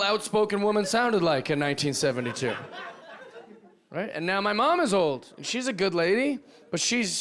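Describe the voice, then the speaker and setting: Male stand-up comic from Seattle, high-voiced and ranting, live crowd faintly behind. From Seattle, USA. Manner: energetic, ranting, frequent restarts and "right?". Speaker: stand-up comedian. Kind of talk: stand-up comedy set. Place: comedy club stage. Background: audience laughter.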